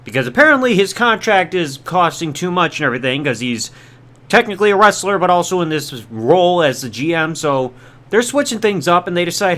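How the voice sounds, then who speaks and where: A man hosting a podcast, recapping storylines in a chatty, casual way with quick asides and quoted lines. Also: on the high side, big pitch swings, pushed and bright. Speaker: podcast host.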